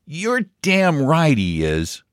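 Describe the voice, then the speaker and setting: A man voicing a confident young man who speaks slowly and with emphasis. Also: fairly high pitch, wildly swooping pitch, smooth, no room sound, clean studio sound, pitched above the performer's own voice, exaggerated voice. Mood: assured. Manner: slow, assured, emphatic. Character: confident young man hosting, drawling, sure of himself.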